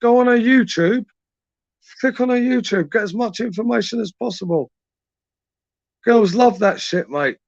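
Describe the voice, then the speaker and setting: Young male streamer, crude laddish late-night banter, a bit high-pitched, dull lo-fi mic sound. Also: moderate pace, vocal fry, pauses often, no room sound. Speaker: livestream host reading chat. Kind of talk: late-night live chat.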